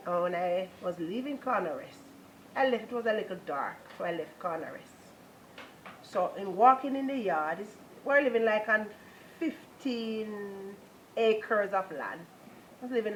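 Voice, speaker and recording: A woman's voice: medium pitch, fairly bright tone, a little hiss or hum, low-quality recording. Earnest Jamaican woman giving testimony. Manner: earnest, repetitive storytelling with preaching cadence. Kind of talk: personal religious testimony.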